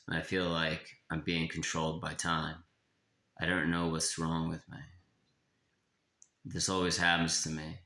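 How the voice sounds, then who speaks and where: A man reads his own confessional writing aloud, somber and unhurried. His voice is extremely deep and gravelly, with a bright edge. It sounds roomy and echoey. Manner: somber, confessional, slow in places. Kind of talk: reading a personal memoir aloud. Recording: echoey room.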